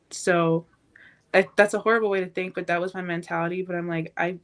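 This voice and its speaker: An eighteen-year-old woman, a podcast guest, telling a painful personal story in a halting, emotional way. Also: on the low side, little pitch movement.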